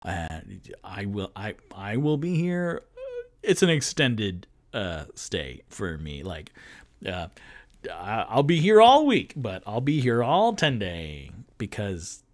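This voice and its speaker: A man's voice: on the low side, lively intonation, takes it slowly. A man voicing a cheerful male bard with a chirpy, rambling manner. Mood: cheery.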